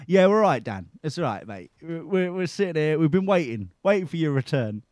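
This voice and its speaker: Man, sarcastic podcast host, animated swooping pitch, dry close sound. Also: a little fast, hardly any pauses, no room sound. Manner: sarcastic, mocking, exasperated. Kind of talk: sarcastic commentary over a news clip.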